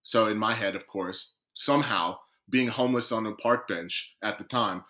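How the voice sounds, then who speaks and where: A man, a guest footballer on a podcast, telling his story in a lively way and acting out what other people said. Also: fairly low pitch, moderate pace. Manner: lively storyteller who acts out quoted dialogue.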